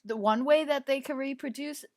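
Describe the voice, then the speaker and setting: A woman's voice: high voice, normal speed. A bubbly young woman co-hosting a podcast in casual chat. She giggles often and drops easy slang into her talk. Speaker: podcast co-host.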